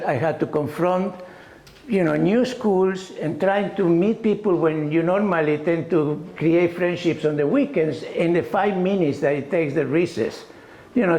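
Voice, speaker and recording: A man's voice: high voice, vocal fry. Older Argentine-born man in an echoey room. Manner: non-native grammar, animated anecdotes, frequent "you know". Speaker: exhibiting photographer. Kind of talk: storytelling artist talk. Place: small arts gallery event. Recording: echoey room, faint background noise.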